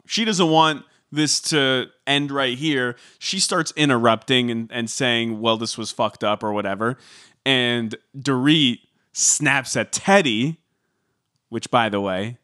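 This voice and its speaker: A man's voice: medium pitch, sharp tone. Chatty male podcast co-host. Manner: chatty, hedging with likes and ums. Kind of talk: casual reality-TV recap chat.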